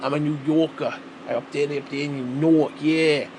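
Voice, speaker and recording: A man's voice: on the high side, steady tone, normal speed, darkish tone, a little hiss or hum, close to an everyday voice. A man putting on the voice of a brash female cashier with a thick New York accent.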